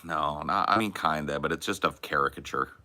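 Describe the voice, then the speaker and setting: A man's voice: rumbling low, fairly quick. A man with a Texan accent chatting casually as a podcast host, candid and rambling. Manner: candid, rambling, relaxed drawl. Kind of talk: casual chat.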